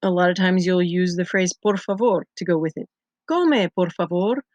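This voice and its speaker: A woman's voice: on the low side, level tone, fairly quick, a little mellow, no room sound, highs cut off. A Spanish teacher, a young woman, patiently explaining grammar step by step over her slides in a recorded lesson. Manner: patient, methodical explaining with examples.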